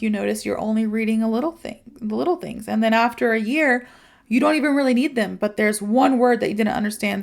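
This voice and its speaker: Chatty American woman, slightly high voice. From United States. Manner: chatty, speeds up when excited, frequent "you know". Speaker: podcast host. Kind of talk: casual podcast advice for English learners.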